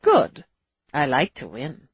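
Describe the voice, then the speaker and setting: A woman narrator voicing a calm, wry, protective husband who teases gently, in a dull, dry recording. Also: low voice, slow pace, slightly rough, no room sound, heavily acted.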